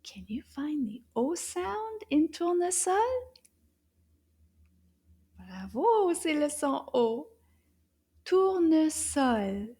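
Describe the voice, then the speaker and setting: Slow, high-voiced woman teaching kids. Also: mellow. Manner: sing-song, encouraging, drawn-out syllables. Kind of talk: slow, clear children's lesson with repetition.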